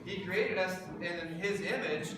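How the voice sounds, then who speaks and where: Fairly high-voiced upbeat man hosting a kids' church show from the stage, distant mic in a big echoey hall. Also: a little slow. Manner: energetic, encouraging, leading the kids. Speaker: host of a children's church program. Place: large hall. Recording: echoey hall from far off, with noise.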